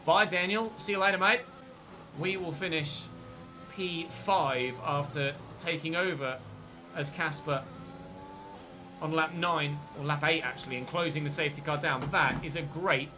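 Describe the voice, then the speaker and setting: A man streaming a racing game, commentating his race excitedly and joking with his viewers. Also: a little high, measured pace, over music. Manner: excitable, jokey, talks to viewers. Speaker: gaming streamer.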